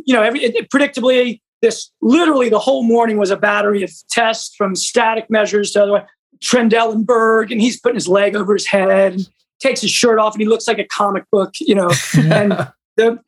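A man hosting a casual chat, telling an animated anecdote. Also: high voice, fairly quick, poor audio.

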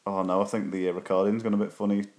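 Woman in her 30s, super deep low voice, teasing giggly podcast banter. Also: little pitch movement, very fast, darkish tone. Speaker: podcast co-host. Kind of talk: casual chat.

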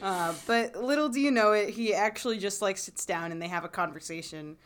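A woman's voice: medium pitch, a little fast, a little hiss or hum. A woman co-hosting a casual podcast, giggling and acting out the characters as she recaps an episode. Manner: giggly, acts out characters in quotes. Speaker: podcast co-host.

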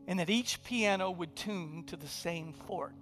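High-voiced man preaching a sermon. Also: a little slow, faint music behind. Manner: conversational, humorous storytelling preaching; drops to hushed, intimate delivery. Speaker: pastor.

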